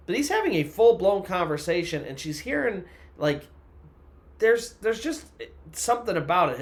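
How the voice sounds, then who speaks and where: Casual male storyteller, slightly high voice. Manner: conversational, loose, full of "you know" and "kinda".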